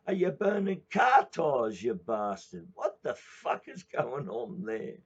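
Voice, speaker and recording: A man voicing a brash, foul-mouthed wife yelling at her husband, on a dull lo-fi recording. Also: big pitch swings, slow, husky, full character voice. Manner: shrill yelling, swearing.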